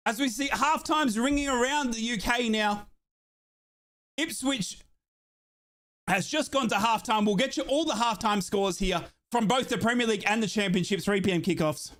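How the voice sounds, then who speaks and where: A man from Australia hosting a live football watchalong, calling scores and reading out chat with excited outbursts. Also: extremely high pitch, normal speed, pauses often. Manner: excitable, exclaims and reads chat. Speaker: watchalong streamer.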